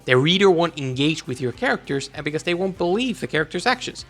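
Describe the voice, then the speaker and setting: A man delivers video essay commentary on comics, his voice bright and fairly high for a man. He rants with exasperation, swinging his pitch widely for emphasis, over faint background music. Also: fast talker. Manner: exasperated, animated ranting.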